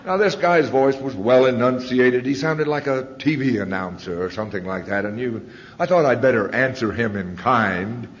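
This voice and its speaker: A man's voice: medium pitch, lively intonation, normal speed. Male speaker, live testimony at a podium mic, candid and folksy; muffled old tape, reverberant hall. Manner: folksy, candid storytelling with fillers. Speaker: speaker sharing his story. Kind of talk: live personal testimony talk. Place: large convention hall. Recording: long hall reverb, dull lo-fi 1990s tape.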